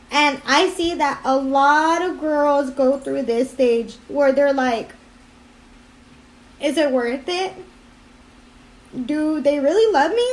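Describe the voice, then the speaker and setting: Young woman vlogger, high voice, teary and crying, rambles with like like like. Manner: rambling, filler-heavy storytelling. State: tearful, crying. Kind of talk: casual confessional vlog.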